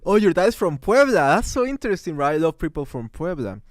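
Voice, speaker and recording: A young man hosting a livestream, chatting casually and answering comments in halting English with many restarts. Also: fairly high pitch, sing-song, no room sound, clean studio sound. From Mexico. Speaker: livestream host.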